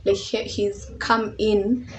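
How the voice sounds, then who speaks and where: A woman's voice: medium pitch, little pitch movement, takes it slowly, slight background noise, rough recording. A young woman with a Kenyan accent telling a casual storytime, chatty and mixing in Swahili slang. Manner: chatty, mixes English with Swahili slang, laughs often. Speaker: vlogger.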